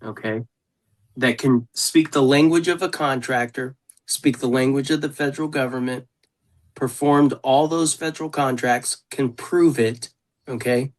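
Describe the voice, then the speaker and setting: A man's voice: medium pitch, a little slow. A man hosting a consultation over a video call, telling stories bluntly and swearing freely. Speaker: consultant host. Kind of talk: casual video call chat.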